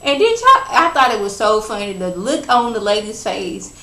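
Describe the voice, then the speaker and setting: A woman chatting casually as she recaps a reality show, gossipy and animated, acting out what people said. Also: moderate pace, echoey room, poor audio. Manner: chatty, gossipy, acts out quotes with big pitch jumps.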